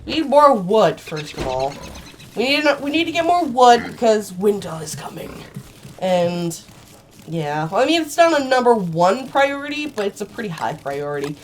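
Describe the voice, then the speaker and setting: A woman commentating her own gameplay, swearing and yelling at the screen in sudden bursts, sometimes putting on a playful old-fashioned voice, on a cheap mic. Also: medium pitch, normal speed, slight background noise. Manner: excitable, swears a lot, sudden outbursts. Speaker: gaming channel host. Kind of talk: solo game commentary. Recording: cheap mic, faint game music.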